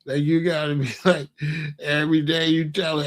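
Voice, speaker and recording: A man's voice: on the high side, steady tone, moderate pace. A young man giving a ranting commentary, incredulous and exasperated as he scolds and asks questions.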